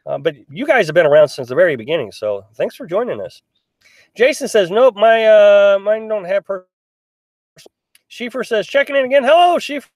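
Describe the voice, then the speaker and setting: In a small pop-up camper, a middle-aged man hosts a casual live stream, reading viewer comments aloud and replying in a chatty, rambling way with many restarts and fillers. His high voice swings widely in pitch at normal speed. The sound is clean studio quality with no room sound.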